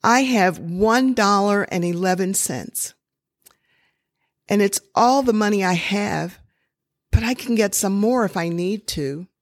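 A woman's voice: mid-range voice, takes it slowly, no room sound, clean studio sound. A woman voicing a determined eight-year-old girl who pleads insistently. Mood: earnest.

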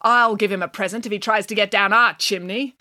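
A woman's voice: medium pitch, steady tone, a little fast, sharp tone, no echo, studio quality, close to an everyday voice. A woman voicing a bossy, self-assured pig nanny who speaks emphatically. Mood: scheming. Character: bossy, indignant female flying pig nanny.

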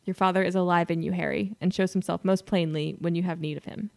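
A woman with a slightly low voice co-hosts a casual fan podcast. She explains eagerly and laughs often as she talks. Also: fairly even intonation, fast, creaky. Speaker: podcast co-host.

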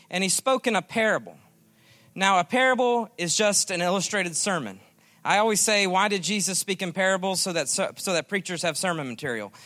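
Guest preacher, male, high bright voice, folksy storyteller who slows for emphasis. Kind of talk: sermon.

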